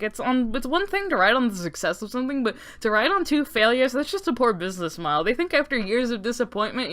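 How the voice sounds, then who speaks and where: A woman's voice: a little high, a bit bright, smooth. A young woman recapping a story timeline in a sarcastic, rambling way with lots of swearing. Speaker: lore recap narrator. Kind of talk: comedic lore recap.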